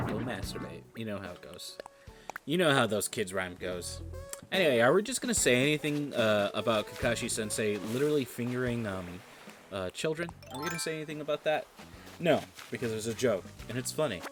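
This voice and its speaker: A man streaming a game, giving casual, rambling commentary and joking with his viewers. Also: medium pitch.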